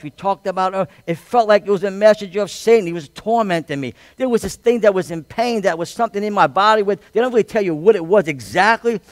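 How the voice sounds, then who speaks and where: A male pastor preaching a sermon, reading scripture and building to loud, drawn-out, emphatic shouts. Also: high voice, no room sound. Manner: reads scripture aloud with commentary.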